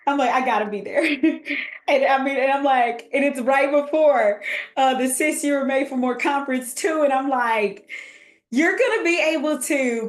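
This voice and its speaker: A woman hosting a faith group chat, emotional and talking in quick bursts with restarts. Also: high voice, echoey room. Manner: emotional, talks fast with restarts. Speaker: host and faith coach. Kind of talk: casual live group chat.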